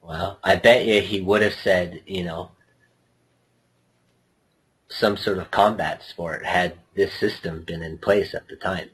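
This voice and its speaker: A man co-hosting a casual late-night podcast with dry, deadpan remarks. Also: low-pitched, slow pace, pauses often, breathy edge, low-quality recording. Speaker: podcast co-host.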